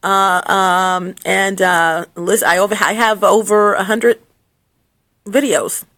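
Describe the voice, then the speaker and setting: Filming herself on her phone, a woman delivers blunt, scolding advice to the camera in an unscripted, casual rant, laughing and restarting along the way. Her medium-pitched voice is a bit bright, with fairly even intonation, and she takes her time.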